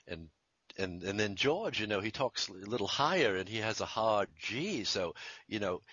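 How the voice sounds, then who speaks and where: Deep-voiced, bright-toned man telling stories. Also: very animated, a little slow, husky, no room sound, lo-fi sound. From Virginia, USA. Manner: rambling, chuckling, self-interrupting. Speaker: jingle composer and musician. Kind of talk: conversational interview storytelling.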